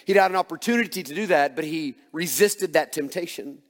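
A man's voice: on the high side, brisk, long reverb tail. A man preaching a sermon, earnest and emphatic, asking rhetorical questions as he explains a passage. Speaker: pastor.

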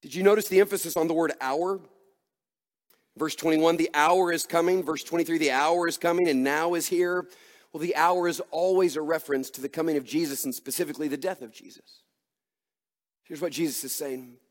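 A man's voice: fairly high pitch, fairly even intonation, a little fast. Earnest preaching man in reverberant church. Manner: earnest, emphatic preaching with rhetorical questions. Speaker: pastor. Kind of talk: sermon.

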